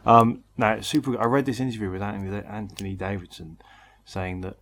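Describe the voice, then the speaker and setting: A man's voice: on the low side, little pitch movement, fairly quick, fairly bright tone, a little hiss or hum. A tired man co-hosting a casual chat show, rambling and wry, and often laughing. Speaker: podcast co-host. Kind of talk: casual chat about motor racing.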